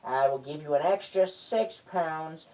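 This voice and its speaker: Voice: medium pitch, a little slow, darkish tone. Someone doing a whiny american engine, rambles a lot, far off mic. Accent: American, put on. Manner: rambling, melodramatic, crude jokes. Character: stuck, whiny male toy engine James. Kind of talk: improvised comedy role-play. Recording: distant mic.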